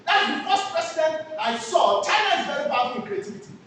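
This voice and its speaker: A woman's voice: extremely high pitch, lively intonation, fast, a bit bright, a little hiss or hum. A woman teaching a class, asking questions and answering them herself. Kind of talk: classroom lecture with call-and-response questions. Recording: echoey room, voice from far off.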